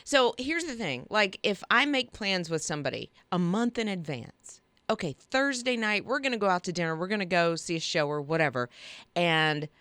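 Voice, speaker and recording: A woman co-hosting a morning radio show, chatting in an animated, storytelling way. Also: on the low side, normal speed, dry recording. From Ohio, moved South as an infant. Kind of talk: casual radio chat.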